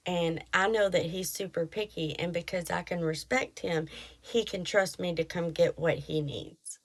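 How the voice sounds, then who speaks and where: A middle-aged woman, hosting a podcast and chatting through an animated story. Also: lowish voice, moderate pace. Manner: chatty, animated retelling with quoted voices. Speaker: podcast host. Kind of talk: casual storytelling.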